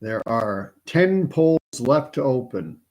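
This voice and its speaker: A man's voice: mid-range voice, very animated, slow, a little mellow. A man from Canada hosting a casual live stream, chatty and joking, thinking aloud as he follows a count. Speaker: host.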